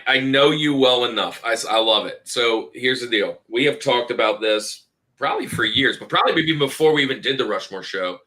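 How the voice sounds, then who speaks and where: Bright-voiced animated man. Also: medium pitch. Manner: animated, calls friends "dude" and "bro". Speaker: podcast co-host. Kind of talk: casual podcast chat.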